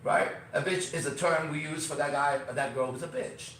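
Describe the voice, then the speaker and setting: A man hosting a podcast, delivering a brash, swaggering, profane rant that swings from loud outbursts to low asides. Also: normal speed, distant mic, a little hiss or hum. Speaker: podcast host. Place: Las Vegas. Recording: very echoey room, voice from off mic.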